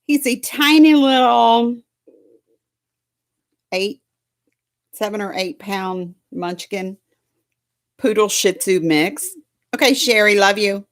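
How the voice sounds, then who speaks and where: Slow-talking doting woman. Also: mid-range voice, no echo, studio quality. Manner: folksy, doting, drawn-out talk, baby talk to her dog. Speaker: livestream host chatting with viewers. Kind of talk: casual chat to a live audience.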